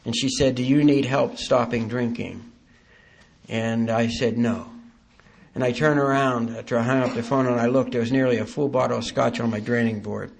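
A man giving a halting, earnest personal testimony at a recovery meeting, with dry self-deprecating humor. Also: medium pitch, fairly even intonation, creaky.

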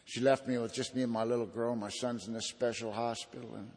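A man's voice: medium pitch, flat delivery, fairly quick, a little mellow, long reverb tail. A man giving an earnest personal testimony at a recovery meeting, in a folksy storytelling manner.

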